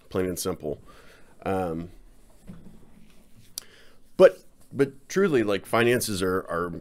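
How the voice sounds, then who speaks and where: A man talking casually to his viewers in a personal vlog, rambling and self-deprecating, halting often with fillers. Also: deep voice. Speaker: channel host.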